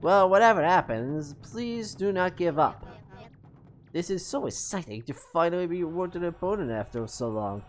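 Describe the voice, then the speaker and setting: A woman's voice: lowish voice, expressive, normal speed, natural voice. Woman putting on a pompous British paper gatekeeper. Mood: haughty. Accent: put-on British. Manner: formal, pompous. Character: prim male paper gatekeeper, fussy British-sounding gentleman.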